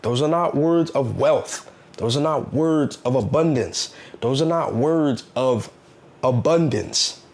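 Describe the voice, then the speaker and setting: A man talks straight to the listener in a casual, earnest motivational monologue. He sounds preachy, circles back on his points and keeps asking rhetorical questions. His voice sits at an ordinary middle pitch. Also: slow, a little mellow. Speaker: self-help vlogger.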